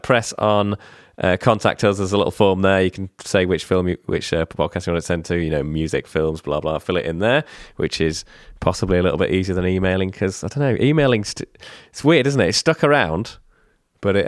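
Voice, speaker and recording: A man's voice: sits low, no room sound, studio quality. A man co-hosting a podcast in casual chat, rambling with fillers and swearing loosely. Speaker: podcast co-host.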